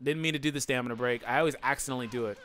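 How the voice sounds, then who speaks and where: A man doing let's play commentary, excitable and yelling taunts at his opponents over faint game music. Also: mid-range voice, racing, slight background noise. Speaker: gaming channel host.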